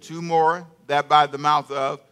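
A man's voice: fairly high pitch, level tone, measured pace, bright, forceful tone, clear, resonant tone. An older man preaching a sermon in a conversational way, repeating phrases and getting the congregation to answer him aloud.

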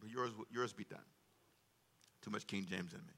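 Male pastor, gravelly voice, sharp bright tone, sermon in church, call-and-response, loud emphatic bursts. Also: on the high side, huge pitch swings, moderate pace, pauses often. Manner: humorous asides to the congregation. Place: church sanctuary.

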